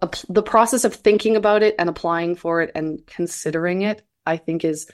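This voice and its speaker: A woman's voice: lowish voice, steady tone, fairly quick, a little mellow. A woman speaking earnestly in a conversation, reflective and searching for words as she goes.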